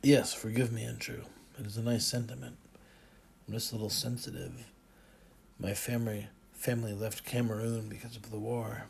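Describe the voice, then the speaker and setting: A man voicing a calm, earnest driver born in Cameroon in an audiobook, speaking politely and in a measured way. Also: on the low side, vocal fry, a little hiss or hum.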